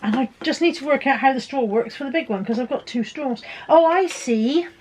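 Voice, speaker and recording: A woman's voice: sits high, a little fast, background noise. A middle-aged woman chatting casually and joking at her own expense while unboxing parcels. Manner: chatty, self-mocking, fiddling with packages as she talks. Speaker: vlogger.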